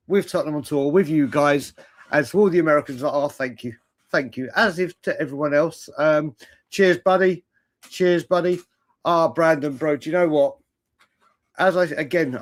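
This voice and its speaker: A young man hosting a casual live fan chat stream, rambling and laughing as he greets viewers in the chat. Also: fairly high pitch. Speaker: livestream host.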